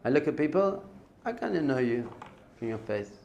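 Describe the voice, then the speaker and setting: A man's voice: medium pitch, big pitch swings, moderate pace, gravelly, a little mellow, muffled recording, slight background noise. A male rabbi gives an informal spiritual lesson in a mid-range voice. He speaks conversationally and repeats phrases for emphasis. Hebrew terms come up naturally in his talk. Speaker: rabbi teaching.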